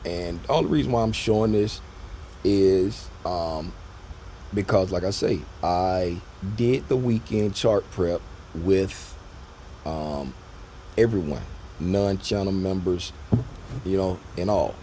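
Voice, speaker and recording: Trading teacher, male, deep and warm tone, loose repetitive delivery. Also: slow pace, a little hiss or hum. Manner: loose and rambling, repeats himself, talks to viewers directly. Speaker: trading educator. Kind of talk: casual screen-share trading lesson.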